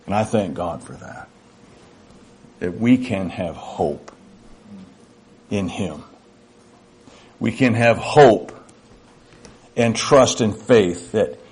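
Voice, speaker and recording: A man's voice: lowish voice, expressive, very slow, pauses often, a little mellow, husky. An older man preaching a sermon to his church, folksy and reflective, sometimes acting out little dialogues. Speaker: pastor.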